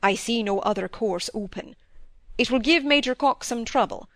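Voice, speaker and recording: A woman's voice: on the high side, normal speed, fairly bright tone, no room sound, close to an everyday voice. A woman reading aloud as a dry-witted, stern middle-aged male country doctor in a storybook. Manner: wry, then sternly lecturing.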